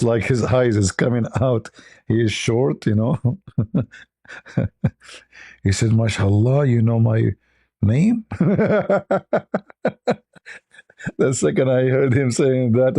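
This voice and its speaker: A man's voice: medium pitch, fairly even intonation, normal speed, creaky, mellow, breathy edge, dry recording, studio quality. A man hosting a live stream, chatting casually and laughing at his own stories. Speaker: livestream host.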